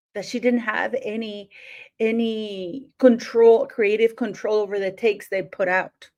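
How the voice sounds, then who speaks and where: Woman chatting on her livestream, kinda high voice, slow and unhurried, lots of ums. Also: a little mellow. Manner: chatty, greets viewers by place, many fillers. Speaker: livestream host. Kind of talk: casual livestream chat.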